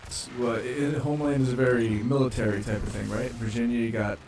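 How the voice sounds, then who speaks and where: A laid-back man co-hosting a casual chat. He chimes in with short, easygoing replies and quick asides. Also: mid-range voice, steady tone. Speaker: co-host.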